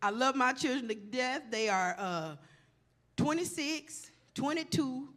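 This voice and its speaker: A woman in her forties telling a profane stand-up comedy story, animated and talking straight to the audience. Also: high-pitched, a little slow.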